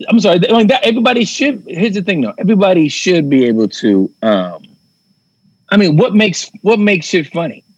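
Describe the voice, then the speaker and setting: A comedian in casual chat, telling stories in a lively way, swearing casually and acting out quotes. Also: male voice, high-pitched, moderate pace, slightly rough, no room sound, highs cut off. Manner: animated storyteller, swears casually, acts out quotes.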